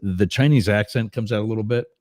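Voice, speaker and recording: A man's voice: fairly low pitch, fast, a little mellow, dry recording, studio quality. A man hosting a political talk show, teasing his co-hosts and calling out to viewers in the chat. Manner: teasing, jokey asides to the chat. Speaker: host.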